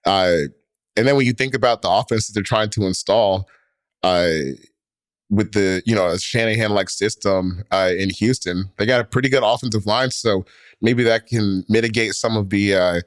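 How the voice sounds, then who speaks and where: Man, low voice, co-host, casual sports talk, rambling delivery, dry sound. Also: moderate pace, no room sound. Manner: rambling, heavy on fillers and restarts. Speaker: podcast co-host.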